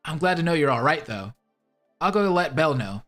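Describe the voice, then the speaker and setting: A man's voice: on the high side, expressive, brisk, fairly bright tone, faint music behind. Man reading as a worried, polite man.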